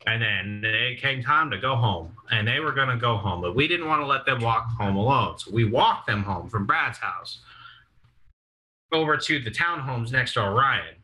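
A young man appears as a podcast guest, casually recounting rowdy stories full of swearing and laughter and acting out what people said. His mid-range voice is expressive, pushed, and bright, moving at a moderate pace. The recording is rough.

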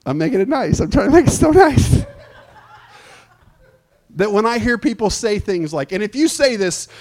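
A man preaching a sermon in a church, animated and storytelling, breaking into shouted excitement. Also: high-pitched, normal speed. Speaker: pastor.

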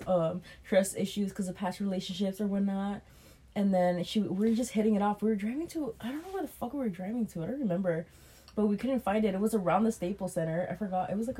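Her mid-range voice has a breathy edge as she co-hosts a podcast. She retells a disastrous date with lots of swearing, playing out the dialogue from both sides.

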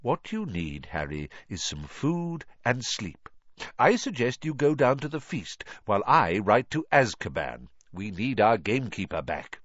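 A man voicing a wise, gentle old male headmaster who speaks softly and calmly, on a dull lo-fi recording. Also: fairly low pitch, dry recording, voice pushed up, exaggerated voice. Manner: soft, calm, measured.

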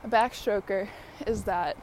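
A woman's voice: medium pitch, a little slow, a little hiss or hum. A woman hosting a podcast in casual rambling chat, out of breath from walking uphill, with many fillers. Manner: many fillers, laughs often while talking. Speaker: podcast host.

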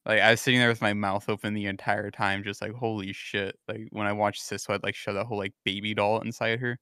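A low-voiced man rants crudely through a casual podcast chat, swearing freely. The sound is dry and close, with no room echo. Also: flat delivery, a little fast, sharp tone, smooth. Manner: crude, ranting, swears a lot. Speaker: podcast co-host.

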